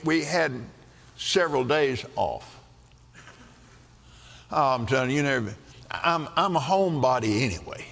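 An older man preaching a sermon, telling a folksy story with frequent laughter in an animated way. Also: on the high side, vocal fry. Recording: echoey hall.

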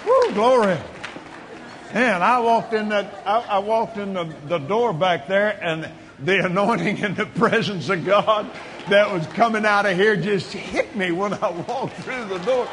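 An older man preaches a sermon to a congregation in a large church hall, fervent and exclamatory, calling out praises and frequent hallelujahs as he prays and talks. His voice is high and unhurried. The reverberant hall carries crowd ambience and background noise.

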